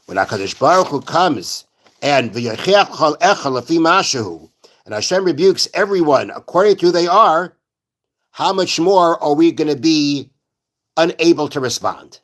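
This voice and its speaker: A man's voice: a little high, expressive, moderate pace. A man teaching a Torah class in a synagogue. He explains step by step, repeats rhetorical questions, and weaves Hebrew verse quotations into plain talk. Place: synagogue study hall.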